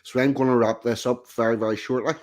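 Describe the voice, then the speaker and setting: A man hosting a casual live stream, easygoing as he wraps things up. His voice is starting to wear after hours on air, sitting at a plain middle pitch. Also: fast. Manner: relaxed, wraps up the show. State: throat going after a long stream. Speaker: stream host. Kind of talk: casual chat.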